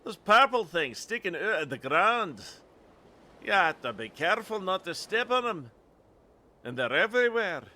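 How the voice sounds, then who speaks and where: A man voicing a paranoid old Scottish lighthouse keeper in a put-on Scottish accent, with a rough, ominous way of talking. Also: high voice, very animated, moderate pace, bright, forceful tone, pitched above the performer's own voice, exaggerated voice. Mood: wary.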